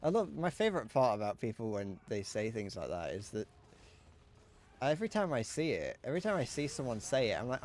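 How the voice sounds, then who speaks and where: A man's voice: medium pitch, sing-song, brisk, darkish tone. A British man chatting casually on a gaming livestream, swearing freely and laughing often. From Britain. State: sweaty while gaming. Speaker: streamer.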